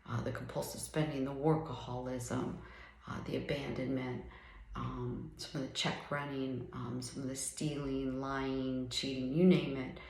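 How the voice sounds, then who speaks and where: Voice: medium pitch, little pitch movement, a little slow, vocal fry, a little mellow, echoey room, rough recording. A person in their fifties giving an earnest, reflective talk about recovery, often checking in with "right?". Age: 50s. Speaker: recovery speaker.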